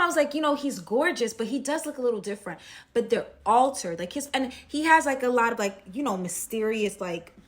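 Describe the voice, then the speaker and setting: A young woman telling a personal story in a casual, chatty way, full of fillers and acted-out quotes. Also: mid-range voice. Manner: chatty, animated, many fillers.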